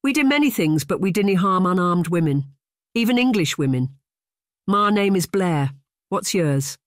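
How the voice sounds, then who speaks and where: A towering Highlander with a Scottish accent, blunt and commanding, as a narrator plays him. He talks in short, authoritative lines from an audiobook read, recorded dry and close. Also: sing-song, moderate pace, dry recording, natural voice. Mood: firm. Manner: commanding, blunt, dialect words. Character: brooding giant Highlander man, commanding. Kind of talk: audiobook character voice.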